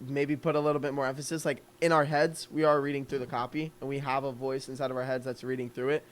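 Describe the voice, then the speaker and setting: A man's voice: medium pitch, little pitch movement, quick pace. A young man coaching on copywriting during a live call, loose and conversational, thinking aloud with lots of fillers.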